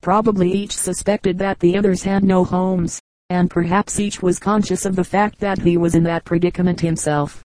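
Woman audiobook narrator, mellow tone, measured, dry close mic. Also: fairly low pitch, little pitch movement, no room sound, low-quality recording. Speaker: audiobook reader. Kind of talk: scripted narration.

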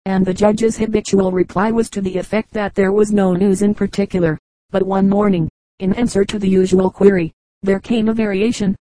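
A woman narrates old humorous anecdotes in a measured, even way. Her voice is mellow and warm, and the recording is close and dry, with no room sound behind her. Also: medium pitch, no echo, rough recording. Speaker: audiobook reader.

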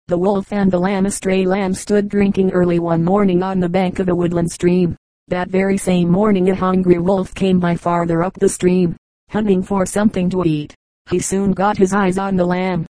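Woman reading fables for an audiobook, calm even tone, low mellow voice, dead dry sound. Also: normal speed, dry recording, rough recording. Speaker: audiobook narrator. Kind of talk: scripted storybook narration.

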